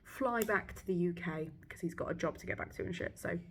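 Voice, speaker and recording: A woman's voice: lowish voice, a little fast, slight background noise. A young British woman in casual vlog chat, ranting and swearing sarcastically about a book. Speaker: book vlogger. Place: hotel abroad.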